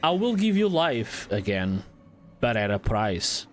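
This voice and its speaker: A man doing a slow, ominous ancient god. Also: mid-range voice, big pitch swings, faint music behind. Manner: slow, solemn, drawn-out delivery. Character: ancient imprisoned male god, commanding and ominous.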